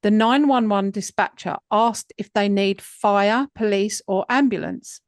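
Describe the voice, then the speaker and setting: A woman narrates a true crime podcast at an unhurried pace, chatty and full of fillers. Her voice sits close to the mic with a dry, dead sound. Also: medium pitch, no echo. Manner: unhurried, conversational, with many fillers. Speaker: podcast host.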